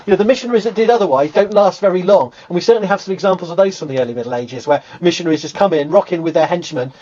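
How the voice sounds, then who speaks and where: Brief: English archaeologist, southern accent, brisk and lively, acts out quotes, muffled call audio. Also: male voice, high-pitched, a little hiss or hum. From England. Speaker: archaeologist guest. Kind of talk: animated conversational explanation.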